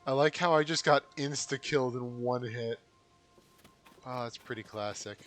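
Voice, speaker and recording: A man chats to his viewers during a live game stream, casual and wry about his own blunders. His voice is bright and forceful, sitting in a middle pitch. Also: moderate pace. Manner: casual, wry, talking to viewers while playing. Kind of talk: live gameplay commentary to chat.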